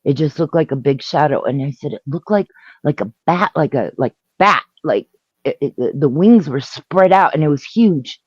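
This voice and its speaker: A woman's voice: deep voice, animated, darkish tone, slightly rough, dry recording, highs cut off. Woman telling a story over a call. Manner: halting, laughing, restarting sentences. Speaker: guest storyteller. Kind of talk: casual storytelling on a live stream. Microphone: video call.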